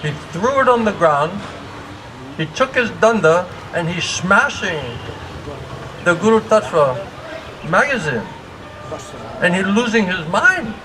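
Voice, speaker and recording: A man giving a morning class as a spiritual teacher, telling a funny story slowly and often laughing. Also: sits high. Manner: slow storytelling with frequent laughter. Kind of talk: humorous anecdotal lecture. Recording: steady background noise.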